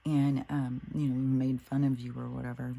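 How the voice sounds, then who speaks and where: Low, gravelly-voiced woman rambling casually. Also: little pitch movement, normal speed, warm tone. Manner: swears freely, laughs often, rambling. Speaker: spiritual vlogger. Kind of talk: casual monologue.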